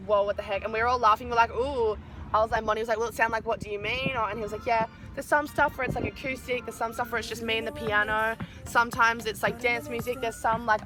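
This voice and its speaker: A young woman tells a story to her vlog camera in a rush, her voice sitting a little high. She is chatty and swears freely, and music runs loud underneath her. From Australia. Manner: chatty, swears a lot, heavy use of "like". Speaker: vlogger. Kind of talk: excited casual storytelling.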